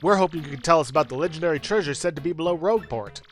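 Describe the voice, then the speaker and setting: A man's voice: on the high side, rapid-fire, soft background music, lightly acted. A man voicing an eager young female student character. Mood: chipper.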